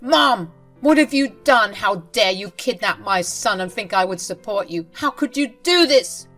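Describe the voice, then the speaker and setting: A woman voicing an angry adult man, a husband and father, who speaks in a stern, forceful way. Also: medium pitch, expressive, unhurried, soft background music. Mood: furious.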